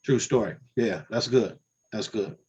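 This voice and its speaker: A man's voice: fairly low pitch, measured pace, a little mellow, slightly rough, muffled recording. A man in a casual group conversation, talking reflectively and peppering his speech with "you know" and "man". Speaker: discussion participant.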